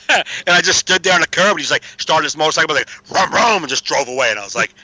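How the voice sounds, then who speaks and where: Streetwise man, casual podcast chat, bright edgy voice, dry muffled sound, slightly high. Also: lively intonation, fast, no echo. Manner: streetwise storyteller, swears freely. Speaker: podcast guest.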